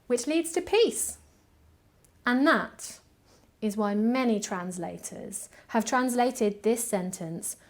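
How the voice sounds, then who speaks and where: Calm woman preaching a sermon. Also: medium pitch. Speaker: church administrator.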